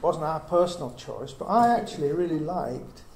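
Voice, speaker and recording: Expressive and moderately paced, a middle-aged man's slightly high, gravelly, darkish voice carries an earnest Bible teaching to a small group. He reasons out loud with plenty of rhetorical questions, and the room echoes with a faint hiss.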